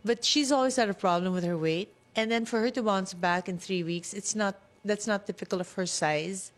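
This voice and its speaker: A woman's voice: mid-range voice, moderate pace. Woman, skin doctor, casual chat, plain explanations, talkative.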